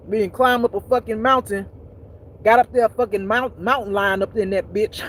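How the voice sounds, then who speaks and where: Woman, unhurried delivery, mid-pitched voice, profane casual chat, laughs at own jokes. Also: a little hiss or hum, rough recording. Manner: loose, profane storytelling, laughing often at her own jokes. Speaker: spiritual teacher streaming live.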